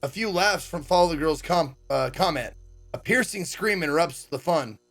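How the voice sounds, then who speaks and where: A man's voice: animated, moderate pace, fairly bright tone. A man streaming himself as he reads a visual novel aloud, sarcastic and swearing freely. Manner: sarcastic, swears freely, acts out quoted lines with pitch jumps.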